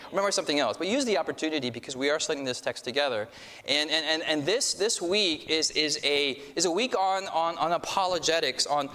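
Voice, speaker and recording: A man's voice: on the high side, fairly bright tone. A man preaching as a pastor, leading the congregation in call-and-response with self-deprecating humor. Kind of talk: sermon. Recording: reverberant hall.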